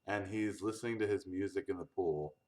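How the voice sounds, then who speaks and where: Laid-back low-voiced man on a podcast. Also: brisk, a little mellow. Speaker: podcast co-host. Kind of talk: casual chat.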